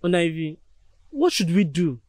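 A man's voice: fairly high pitch, very animated, normal speed, a little mellow, no echo, low-quality recording. A man with a Nigerian accent in a film drama, speaking apologetically. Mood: apologetic. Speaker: friend.

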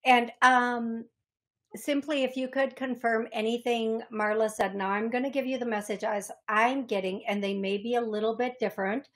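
A woman's voice: a little high, fairly even intonation, moderate pace. A woman hosting a call-in radio show as a psychic medium. She rambles, laughs at herself and repeats key phrases for emphasis. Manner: chatty, rambling, self-deprecating.

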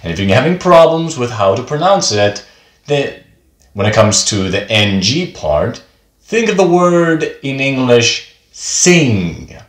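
In an echoey room, a male language teacher with a mid-range, very animated voice gives a beginner pronunciation lesson. He speaks unhurriedly and patiently, saying each example word twice.

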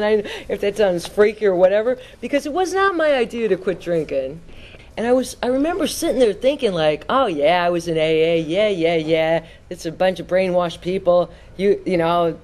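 Woman speaker at a recovery meeting, middle pitch, plain conversational telling, earnest and reflective. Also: a little mellow. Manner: conversational storytelling with fillers and restarts. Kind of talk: personal recovery testimony.

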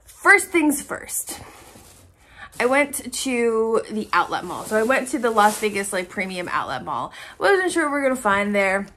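Woman, chatty haul vlogger; slightly high voice, gushing and casual, swears freely. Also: big pitch swings, moderate pace, bright, forceful tone, slight background noise. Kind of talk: casual chat to camera.

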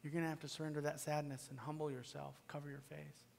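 A man's voice: fairly high pitch, little pitch movement, quick pace, creaky, a little hiss or hum. Fiery preacher man in a big hall. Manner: builds to loud, pleading peaks, then drops to a hushed whisper. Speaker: pastor. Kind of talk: sermon. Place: church sanctuary. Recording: long reverb of a church hall.

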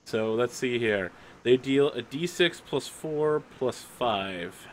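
A man's voice: medium pitch, animated, takes it slowly, slight background noise. A man running a tabletop game as game master, narrating loosely with lots of "like" and small laughs.

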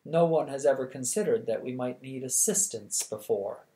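A reader voicing a kindly old king who speaks with gentle, unhurried courtesy, close to their own voice. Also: medium pitch, lightly acted. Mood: courteous.

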